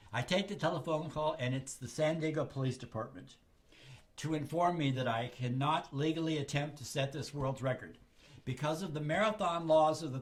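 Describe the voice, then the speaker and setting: An older Southern Californian man with a fairly high voice tells a personal story in a casual way, acting out other people's lines in lively voices.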